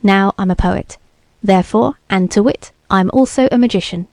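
A woman's voice: mid-range voice, moderate pace, a little mellow, no room sound, natural voice. A woman reading the lines of a bearded young beatnik TV repairman who talks in laid-back hip slang and sounds sure of himself. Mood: ominous.

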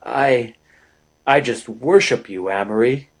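An earnest young man in love, making impassioned declarations in a storybook, his words slow and heartfelt, as a male narrator voices him. The voice stays close to the reader's own. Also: medium pitch, poor audio. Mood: tender.

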